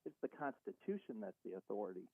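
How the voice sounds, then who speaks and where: A man's voice: fairly low pitch, sing-song, fast, slightly rough, dry recording. A man calling in to a talk radio show, arguing his point earnestly and acting out conversations he had. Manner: earnest, argumentative, retells conversations. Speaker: caller. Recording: tinny phone line.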